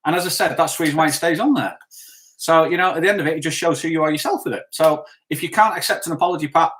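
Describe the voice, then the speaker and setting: A man's voice: a little high, very fast, a bit bright, a little hiss or hum. A man co-hosting a casual live stream, talking bluntly and rambling as he answers viewer comments.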